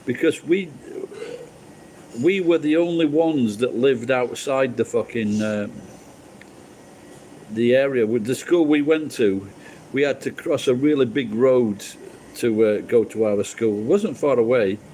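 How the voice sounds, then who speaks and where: A man's voice: mid-range voice, unhurried, dark tone, slight background noise, low-quality recording. Rambling, foul-mouthed British man chatting. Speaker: livestream host chatting with viewers. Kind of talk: casual live-stream chat.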